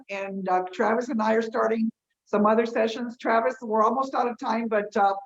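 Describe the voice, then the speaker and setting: Filler-heavy woman host on a muffled call. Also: on the high side. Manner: loose, filler-heavy, affectionate. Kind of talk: casual group announcements. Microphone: video call. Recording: dull lo-fi video call audio.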